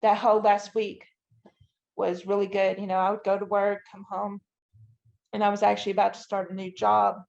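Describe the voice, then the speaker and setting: A woman tells her story to a podcast host in a low, crackling fry. She walks through each moment in detail, with lots of "you know" and "I'm like" along the way. The audio sounds dull and lo-fi. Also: flat delivery, moderate pace, darkish tone. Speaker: podcast guest. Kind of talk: emotional personal account.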